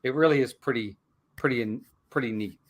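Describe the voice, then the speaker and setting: A man with a medium-pitched voice speaks at a normal speed while hosting a casual movie review podcast that's streamed live. He's lively and laughs easily as he chats with his co-host, and he reads out a rhyming mock ad.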